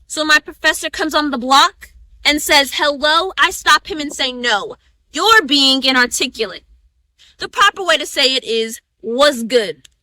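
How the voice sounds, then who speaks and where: A woman's voice: high-pitched, animated, unhurried, pushed and bright, dry recording. A young woman performing a spoken-word oratory speech, reciting with rhythmic, emphatic stresses. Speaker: student orator.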